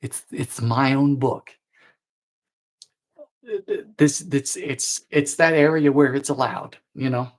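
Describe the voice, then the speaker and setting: A man hosting a live baking stream, chatting playfully with viewers, trailing off and restarting, with sudden high squeals. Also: steady tone, takes it slowly, long pauses, rough recording. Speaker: baking show host.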